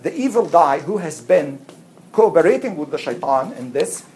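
A woman casually telling a religious story to a child, animated, acting out voices and laughing often. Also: low-pitched, moderate pace, slight background noise, low-quality recording.

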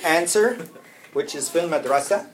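A man's voice: a little high, moderate pace, a little hiss or hum. A man giving an informal Arabic lesson at home, patiently explaining and repeating phrases step by step.

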